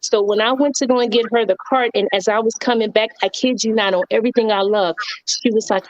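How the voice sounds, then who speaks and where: A woman's voice: fairly high pitch, steady tone, a little fast, few pauses, no room sound, lo-fi sound. A woman on a talk show earnestly telling a personal story in casual conversation, repeating words and using many fillers. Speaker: guest on radio talk show.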